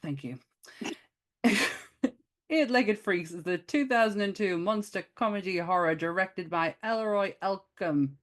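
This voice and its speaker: A woman with a Northern English accent co-hosting a casual podcast, laughing often and rushing through her scripted intro. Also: mid-range voice. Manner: lively, laughs often, reads intros quickly. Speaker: podcast co-host. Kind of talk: casual chat.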